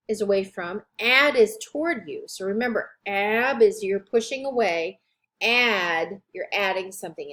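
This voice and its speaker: A woman instructor giving a recorded lecture, drawing out each term with slow, deliberate enunciation. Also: mid-range voice, fairly bright tone.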